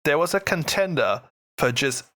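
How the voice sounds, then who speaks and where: Excitable male co-host with a bright, forward voice; casual, jokey hobby chat. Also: a little high, normal speed. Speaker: podcast co-host.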